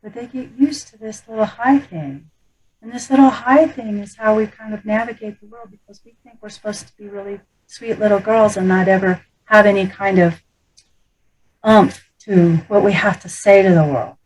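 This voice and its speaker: A middle-aged woman voice coach teaching about the speaking voice, animated and playful, often demonstrating how others talk. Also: mid-range voice, moderate pace, slightly rough, low-quality recording.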